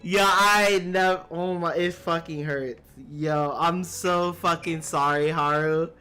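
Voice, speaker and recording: Young man, game streamer, casual commentary, lots of swearing, bright forward voice, faint music behind. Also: steady tone, slow pace, smooth. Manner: swears a lot, pitch jumps up sharply when flustered. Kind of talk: casual live gameplay commentary.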